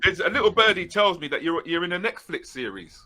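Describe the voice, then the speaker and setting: A man's voice: sits high, big pitch swings, brisk, sharp tone. A man hosting a radio show, chatting with a guest in a teasing, talkative manner. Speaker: radio host. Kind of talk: casual radio chat.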